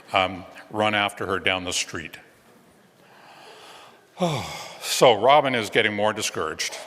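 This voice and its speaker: Low-voiced man telling a children's story. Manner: gentle, playful storytelling with pauses. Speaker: guest minister. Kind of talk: children's story in a church service. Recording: long reverb of a large hall.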